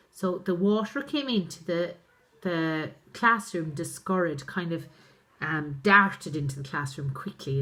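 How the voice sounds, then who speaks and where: A woman's voice: on the low side, a bit bright. A woman, a primary school teacher reading a story aloud and explaining each phrase in plain terms. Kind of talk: reading and translating a story for pupils.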